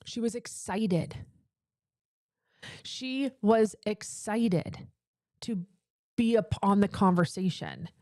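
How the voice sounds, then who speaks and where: A woman coaching entrepreneurs in a motivational livestream talk, leaning on emphatic repeated phrases between chatty asides. Her voice sits at an ordinary middle pitch. It is recorded close on the microphone in a dry, dead space. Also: takes it slowly, long pauses, darkish tone, no room sound. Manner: emphatic, repetitive motivational cadence. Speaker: business coach for female entrepreneurs.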